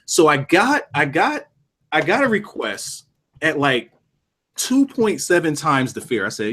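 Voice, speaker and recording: Young male co-host, animated rambling storyteller, high-ish voice with wide swings. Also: unhurried. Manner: animated storyteller, lots of restarts and swearing. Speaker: podcast co-host. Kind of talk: casual storytelling chat.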